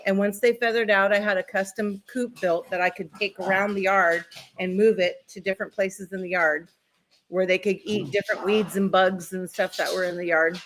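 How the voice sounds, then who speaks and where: A woman's voice: mid-range voice, fairly even intonation, moderate pace, fairly bright tone, slight background noise. A middle-aged woman, a guest telling stories in a chatty, easygoing way. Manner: chatty, storytelling, laughs easily. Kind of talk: casual interview chat.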